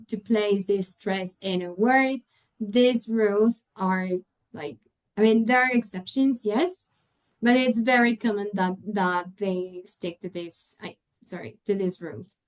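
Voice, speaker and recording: On a low-quality recording, a woman with a medium-pitched voice trains English teachers in a webinar. Spanish is her first language; she explains patiently, says example words aloud as models, and keeps checking in with tag questions.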